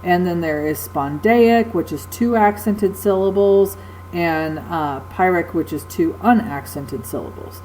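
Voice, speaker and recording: A woman's voice: fairly low pitch, unhurried, darkish tone, a little hiss or hum, low-quality recording. A woman teacher giving a recorded lecture, explaining patiently with frequent ums and uhs.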